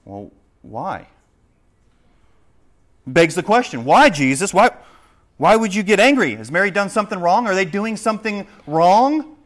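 A man preaching a sermon, swinging between loud, urgent questions and hushed explanation. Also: on the high side. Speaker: pastor.

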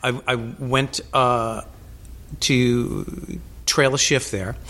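A man's voice: medium pitch, very slow. A man hosting a podcast interview, telling stories animatedly with frequent swearing and stumbling repeats. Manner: animated storyteller, swears freely, repeats words. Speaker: podcast host. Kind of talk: casual interview chat.

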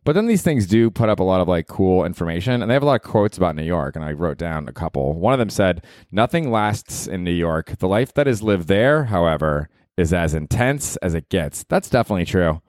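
A man's voice: sing-song, brisk, hardly any pauses, a little mellow, no room sound, studio quality. Profane rambling man in his forties. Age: 40s. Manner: rambling, profane, self-deprecating, jumps to high mock voices. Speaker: podcast host and stand-up comedian. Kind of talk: solo podcast monologue. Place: New York apartment. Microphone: handheld field recorder.

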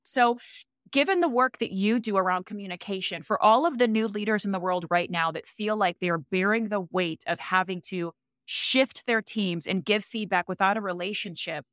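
A woman's voice: medium pitch, normal speed, fairly bright tone. A woman hosting a leadership podcast with a mid-range voice. She talks earnestly and reflectively, and her sound is close and dry with no room echo. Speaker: podcast host. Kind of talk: podcast conversation.

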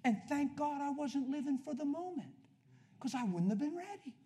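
A man preaching a sermon to a room, telling a personal story and swinging from hushed, soft lines to loud emphatic ones. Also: very high-pitched, lively intonation, normal speed. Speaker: pastor.

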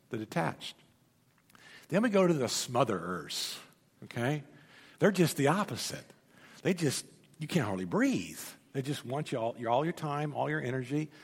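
A man preaching a sermon in a church, his voice sitting a little higher than most men's. His delivery is emphatic, building to loud peaks and sinking to quiet lows. The sound rings with the long reverb of a big hall. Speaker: pastor. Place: church sanctuary.

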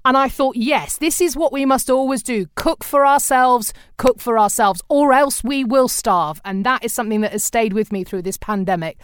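A woman's voice: fairly high pitch, normal speed, few pauses, slight background noise. A British woman hosting a podcast in a casual interview chat, cheering her guest on in an encouraging way. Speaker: podcast host.

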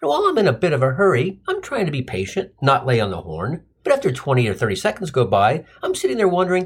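Male comic host, sardonic storyteller, husky tone with a lively swinging pitch. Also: quick pace, few pauses. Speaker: comedy podcast host.

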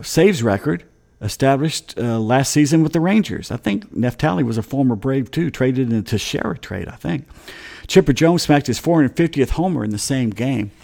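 A man's voice: mid-range voice, creaky, a little mellow. A middle-aged man hosting a casual sports talk show, reading baseball history and drifting into rambling stories with chuckles. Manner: rambling, anecdotal, chuckles often. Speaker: sports radio host.

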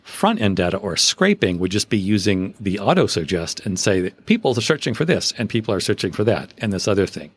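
Low-voiced man explaining SEO tools. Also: big pitch swings, fairly quick, hardly any pauses, breathy edge. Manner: explains step by step, frank opinions, spells out names. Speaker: SEO podcast host. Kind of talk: casual explanatory chat.

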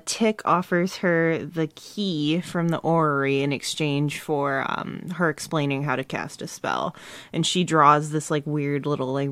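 A woman's voice: sits low, no room sound. A woman co-hosting a podcast, recapping a TV episode in casual chat, giggly and wry. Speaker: podcast co-host.

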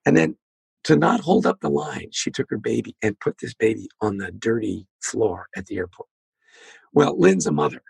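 Male guest, very gravelly and husky, animated storyteller who acts out the dialogue. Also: fairly low pitch, normal speed, dry recording. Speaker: guest, leadership author. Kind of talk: storytelling interview talk.

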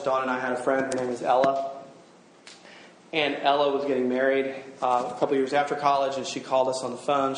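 A middle-aged campus minister with a mid-range voice gives a sermon to a gathered audience, keeping it conversational, joking and putting questions to the room. The room is echoey, with slight background noise.

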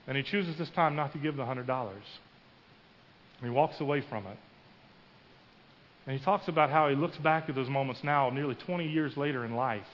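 A man's voice: mid-range voice, normal speed, long pauses, a little hiss or hum. A man preaching a sermon in a church, telling a story and acting out the quoted voices with rising emphasis. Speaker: pastor. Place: church sanctuary. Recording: muffled with long hall reverb.

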